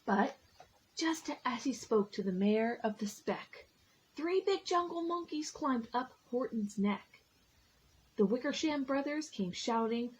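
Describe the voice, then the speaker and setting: At a preschool story time, a woman reads a picture book aloud in an animated way and asks the children questions as she goes. Her voice is on the high side, slow, and slightly rough.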